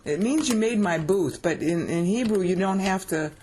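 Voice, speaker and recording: A woman's voice: mid-range voice, expressive, moderate pace, a little mellow, a little hiss or hum. A woman giving a screen-share scripture lesson, explaining step by step with emphasis and often checking that the listener follows. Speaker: Bible teacher.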